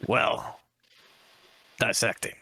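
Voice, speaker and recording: A man playing an odd, morbid butcher who wants a creature's corpse, speaking low and mumbling. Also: very slow, pushed and bright, dry recording. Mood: evasive. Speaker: tabletop game player.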